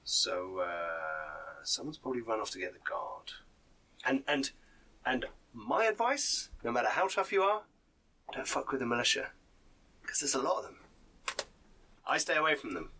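A man's voice: mid-range voice, very animated, normal speed, long pauses, sharp tone, distant mic, poor audio. A man voicing a chatty male townsman informant who rambles and hesitates as he gives advice. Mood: confiding. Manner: rambling, confiding, full of hesitations.

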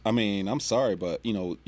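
Man, low voice, sports co-host, emphatic, repeats himself for stress. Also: normal speed, a little mellow. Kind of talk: casual sports chat.

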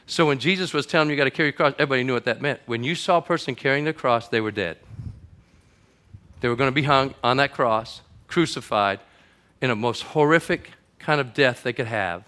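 A man preaching a conversational sermon to his congregation, building from quiet reflection to loud, emphatic passages. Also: medium pitch, a little fast. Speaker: pastor.

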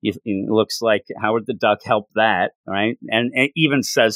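A man casually recapping a comic book issue and acting out the characters' lines in livelier, higher voices. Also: moderate pace, few pauses, a bit bright, no echo. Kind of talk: casual recap with acted-out quotes.

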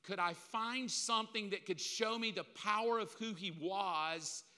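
A man's voice: high voice, measured pace, pushed and bright, clean tone. A man preaching a sermon, emphatic and repetitive, with casual slang mixed in. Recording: long reverb of a large hall.

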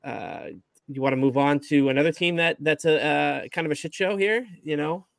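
A man's voice: fairly high pitch, moderate pace, creaky, dry recording, studio quality. A man co-hosting a sports podcast, easygoing and egging on his partner in casual talk.

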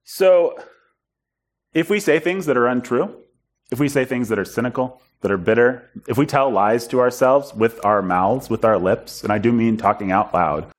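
A man preaching in a storytelling style, animated and self-deprecating, acting out bits of dialogue. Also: medium pitch, normal speed. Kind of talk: storytelling sermon.

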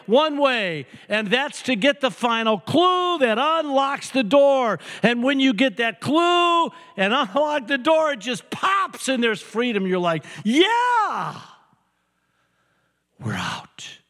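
An older man preaching a sermon as pastor, an animated storyteller who jokes and hammers points home with repetition. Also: extremely high pitch. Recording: long hall reverb.

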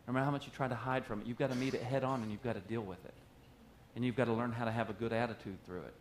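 A man's voice: medium pitch, fairly even intonation, very fast, slight background noise. A male pastor preaching a sermon in a conversational, joking way. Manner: conversational and joking, acting out quotes.

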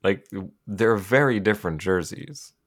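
Deep-voiced guy hosting a hockey podcast, chatty and animated, does little voices for the players. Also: a little slow. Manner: animated storyteller, acts out players' reactions in high voices. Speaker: podcast host. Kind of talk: casual hockey podcast chat.

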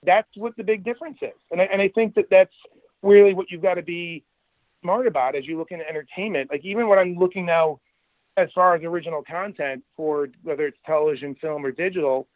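Acting out each quote, an entertainment executive shares lively stories from the business as a guest in an easygoing podcast conversation. The tinny, narrow recording has no room sound, and his high voice moves a little fast.

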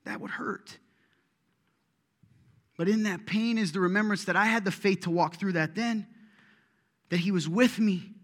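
A middle-aged male pastor with a fairly high voice, giving a sermon. His talk is loose and joking, and it swells into emphatic preaching. A long reverb trails off the walls of the church hall. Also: measured pace, long pauses, fairly bright tone. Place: church sanctuary.

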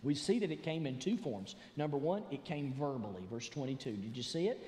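A man preaching a sermon as pastor, animated and building to emphatic shouts. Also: mid-range voice, brisk, a little hiss or hum. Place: church sanctuary. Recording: echoey church hall.

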